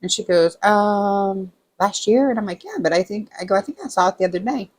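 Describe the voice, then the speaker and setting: A woman's voice: mid-range voice, quick pace. A woman vlogger chatting casually while doing a craft at home, rambling through stories and acting out what others said. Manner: rambling storytelling, animated quoting of others. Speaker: diamond painting vlogger.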